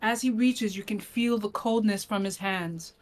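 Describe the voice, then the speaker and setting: A woman's voice: medium pitch, a little slow. A woman running a tabletop game as game master, narrating scenes in detail and often restarting her phrases. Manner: descriptive, with frequent restarts.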